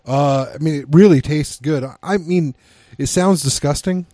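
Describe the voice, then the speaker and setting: A man's voice: fairly high pitch, dark tone, no echo, studio quality. A man from Washington state co-hosting a podcast, chatty and enthusiastic as he talks about a film. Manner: chatty, enthusiastic, quick to laugh. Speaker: podcast co-host. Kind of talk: casual chat about a film.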